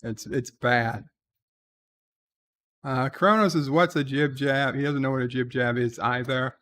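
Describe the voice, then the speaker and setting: Hosting a casual livestream, a man reads viewer comments aloud and answers them wryly, filling gaps between lines with lots of "uh." His voice is medium-pitched and fairly bright, and he speaks in an unhurried way.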